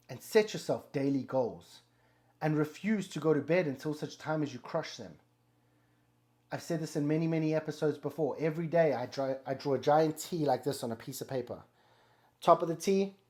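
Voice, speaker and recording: A man's voice: on the high side, normal speed, dark tone. A man hosting a motivational talk, speaking bluntly and emphatically with heavy swearing. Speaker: motivational podcast host. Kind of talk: motivational monologue.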